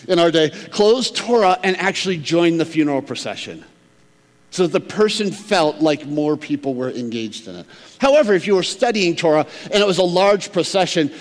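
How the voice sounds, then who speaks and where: A male pastor delivers a sermon in a somewhat high voice. He swings between emphatic, raised passages and hushed, almost whispered lines. The sound carries the long reverb of a church hall.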